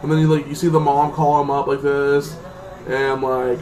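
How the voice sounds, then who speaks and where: This man speaks in a mid-range, darkish voice at a moderate pace, keeping his tone level. His movie review is loose and meandering, peppered with "like," and he performs the characters' parts. The mic picks him up from a little distance, and soft music plays behind him.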